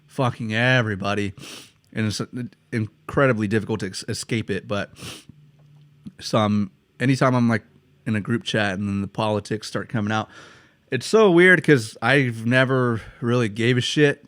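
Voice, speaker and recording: A man's voice: on the low side, a bit bright, dry recording. A young man from the United States co-hosting a podcast, chatting casually with lots of swearing and laughter. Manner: swears a lot, laughs while telling stories. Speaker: podcast co-host. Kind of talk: casual chat.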